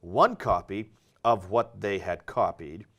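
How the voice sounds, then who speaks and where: A man's voice: low-pitched, slow pace, a bit bright. A man hosting a discussion show, reading passages aloud and questioning his guest. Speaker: host.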